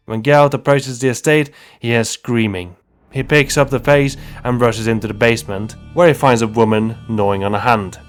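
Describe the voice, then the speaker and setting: Brief: male YouTube narrator, humorous game recap, mid-pitched, wry asides.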